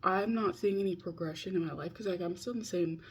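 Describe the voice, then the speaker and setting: A woman's voice: lowish voice, fast, husky. A woman in her twenties talking casually in a confessional vlog, chatty and self-mocking, scolding herself as she goes. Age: 20s. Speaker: vlogger. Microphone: video call.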